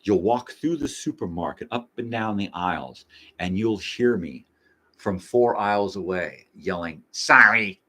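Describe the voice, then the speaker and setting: A man's voice: low-pitched, animated, measured pace, a little mellow. An older man hosting his own show, ranting bluntly with heavy profanity and mocking repetition. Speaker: host. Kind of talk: ranting monologue.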